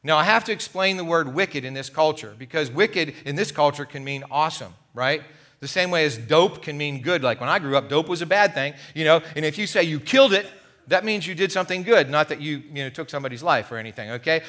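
Middle-aged male pastor, slightly high and bright tone, animated sermon storyteller. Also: a little fast. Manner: animated storytelling, acting out the parable's voices. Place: church sanctuary.

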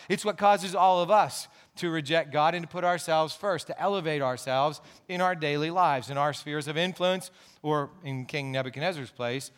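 A man's voice: a little high, fairly bright tone. A man pastor preaching a sermon in an earnest, explaining way, with asides and restarts.

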